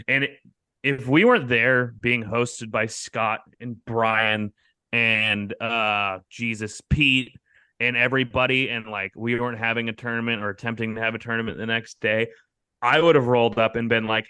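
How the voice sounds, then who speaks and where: Bright-voiced swearing storyteller, a man. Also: medium pitch, fairly even intonation, normal speed, smooth, no room sound. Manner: profane, laughing storyteller. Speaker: podcast co-host. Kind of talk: casual chat.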